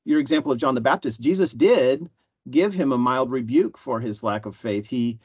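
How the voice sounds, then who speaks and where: A man speaks hesitantly in a church panel discussion, filling his sentences with pauses and restarts. The recording is slightly dull and dry. His pitch sits in a middle range. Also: husky, dry recording. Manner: hesitant, many fillers. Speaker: panel member.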